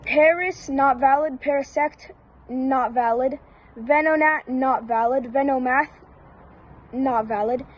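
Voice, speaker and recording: A woman giving casual one-word verdicts down a long list, flat and repetitive with brief hesitations. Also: sits high, takes it slowly, low-quality recording. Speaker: YouTuber.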